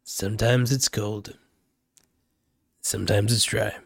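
A man's voice: on the low side, steady tone, takes it slowly, creaky, no room sound, clean studio sound. Angry profane man ranting. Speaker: political vlogger. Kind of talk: unscripted political rant.

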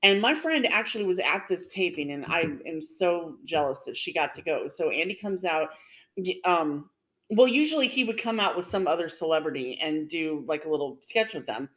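A woman's voice: lowish voice, lively intonation, moderate pace, fairly bright tone, low-quality recording. A woman co-hosting a casual podcast chat, retelling stories in a rambling way with many fillers and restarts. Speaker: podcast co-host.

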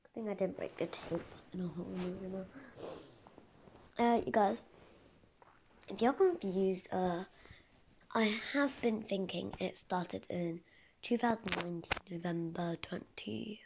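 A woman's voice: medium pitch, a little slow, vocal fry, long pauses, darkish tone. A teenage girl hosting a casual solo podcast, rambling and often dropping into a whisper. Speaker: podcast host. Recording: dull lo-fi recording with faint hiss.

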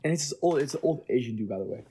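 A man's voice: mid-range voice, lively intonation, rapid-fire, dark tone, a little hiss or hum. A young man co-hosting a casual podcast, telling a long rambling story and checking in with "right?" as he goes. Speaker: podcast co-host. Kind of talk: casual chat.

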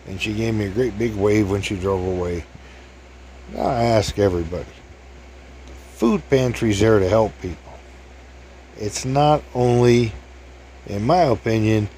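A man's voice: on the low side, warm tone, a little hiss or hum. A man in his fifties telling a casual anecdote in a chatty, jokey way, laughing at his own stories. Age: 50s.

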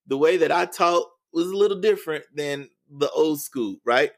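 A man's voice: a little high, normal speed, creaky. A man, an educator and interview guest, telling a story in a podcast interview with earnest, repeated phrasing. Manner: earnest, repeats words while building a story.

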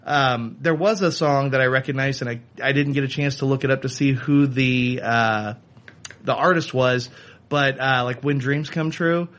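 A man co-hosting a casual podcast, reviewing a video game in quick bursts broken by fillers. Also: medium pitch, fairly bright tone. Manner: talks fast in bursts, many fillers. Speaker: podcast co-host. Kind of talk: casual chat.

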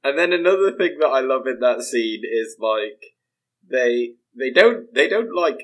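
A man's voice: medium pitch, lively intonation, measured pace, rough recording. A man, co-hosting a podcast, enthusiastic and full of fillers. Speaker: podcast co-host. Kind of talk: casual chat.

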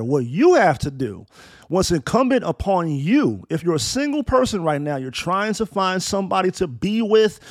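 A man in his thirties talks straight into the mic, blunt and profane, his fairly high voice swinging up and down as he drives each point home. The sound is dry and close, with no room around him. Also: no room sound. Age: 30s. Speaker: commentator. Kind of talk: opinionated monologue with storytelling.

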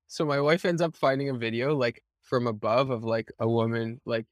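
A man in his thirties, a podcast host chatting casually and telling animated family stories, swearing freely. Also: medium pitch, normal speed, no room sound, studio quality. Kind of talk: casual chat.

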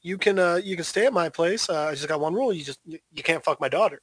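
A man voicing a stern middle-aged farmer in a told joke, gruff and plain-spoken. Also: a little high, fast, fairly bright tone, natural voice. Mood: friendly.

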